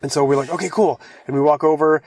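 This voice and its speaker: A young man chats from inside a parked camper van, his voice close and dry. He talks in a relaxed, steady way and fills in details of a shared story. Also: on the high side, fast talker, breathy edge, dry recording. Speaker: travel vlogger. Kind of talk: casual storytelling chat.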